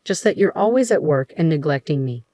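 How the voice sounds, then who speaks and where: A woman's voice: sits low, animated, brisk, dark tone, dry recording. A woman voicing a whiny, self-centered husband. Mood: dismissive. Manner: whiny, dismissive.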